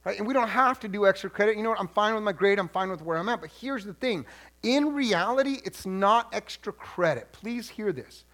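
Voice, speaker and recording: Male pastor, high and bright voice, chatty, animated sermon delivery. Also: a little fast. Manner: animated, conversational, repeats words as he restarts phrases.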